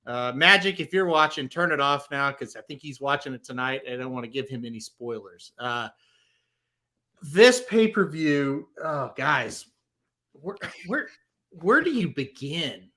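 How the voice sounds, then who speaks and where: A man's voice: medium pitch, big pitch swings, measured pace, bright, forceful tone. A young man hosting a casual sports podcast, chatting eagerly through a recap with frequent ums. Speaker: podcast host.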